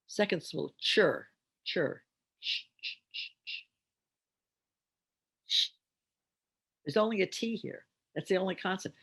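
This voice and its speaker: An older woman, a reading teacher, giving an instructional demonstration and sounding out phonemes slowly and deliberately. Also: deep voice, gravelly, husky.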